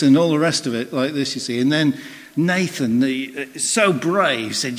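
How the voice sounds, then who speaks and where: In a medium-pitched voice at normal speed, a preacher weaves personal stories into his sermon, chatting conversationally and voicing the characters himself. The recording carries the long reverb of a hall.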